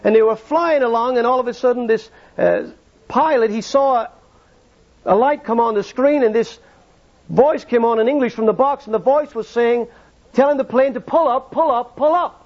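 A man's voice: very high voice, moderate pace. A man preaching an evangelistic sermon, telling stories and asking the congregation rhetorical questions. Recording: dull lo-fi sermon recording.

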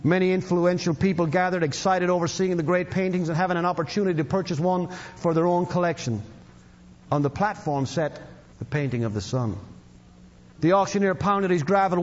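A man preaching a sermon, telling a story and leading a prayer, emphatic, with his voice lifting for emphasis and sinking low and slow as he prays. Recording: dull sound with long hall reverb.

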